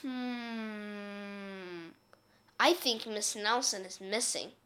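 A woman voicing a slow-witted male detective who mutters low and drawn out. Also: fairly bright tone. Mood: musing.

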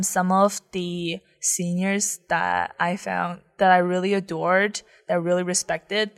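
Young woman, chatty. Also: on the low side. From China. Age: young adult. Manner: chatty, many fillers and likes. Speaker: interview guest, student. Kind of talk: casual interview chat.

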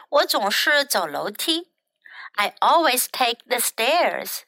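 Bright slow-speaking woman teacher. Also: fairly high pitch, very animated, dry recording. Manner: repeats phrases slowly then explains. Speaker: English teacher. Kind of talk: bilingual children's English lesson.

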